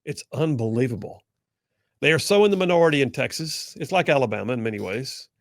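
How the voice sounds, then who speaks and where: A man with a mid-range, lively voice talks a little fast, recorded cleanly in a studio with no room sound. He's hosting a political talk show, offering sarcastic commentary and mocking opponents with whiny put-on voices.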